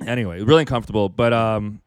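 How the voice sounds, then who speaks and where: A man's voice: fairly low pitch, quick pace, a crowd in the background. A man hosting a casual comedy podcast, rambling through a story with many fillers and laughs. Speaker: podcast host.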